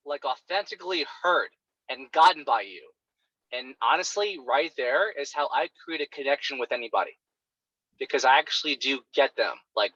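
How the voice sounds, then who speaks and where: A man coaching on a call, explaining how to reframe what people say and acting out their excited reactions. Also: on the high side, no echo. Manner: animated, acts out clients' reactions. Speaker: sales coach. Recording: dull, lo-fi sound.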